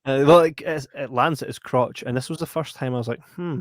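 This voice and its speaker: A man's voice: mid-range voice, fast talker, dry recording, clean studio sound. A Scottish man co-hosting a podcast, chatting casually about a film, laughing and acting out scenes with squeals and sound effects. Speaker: podcast co-host.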